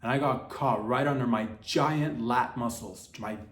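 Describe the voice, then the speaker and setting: A man's voice: medium pitch, measured pace, slight background noise. A man hosting a podcast, telling a rambling mock-dramatic comic story in slangy speech. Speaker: podcast host. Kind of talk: rambling comedic monologue. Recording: echoey room.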